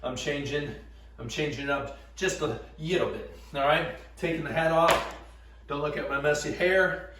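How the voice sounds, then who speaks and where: A young man coaching an upbeat class with a voice a little higher than most men's. He counts reps and keeps checking in with "all right?". He is recorded from a few steps off the mic in a very echoey room, with faint room noise behind him. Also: fairly even intonation, moderate pace, recorded from a distance. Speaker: PE teacher leading a workout and recipe. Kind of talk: energetic class instruction. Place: indoors, gym then home kitchen.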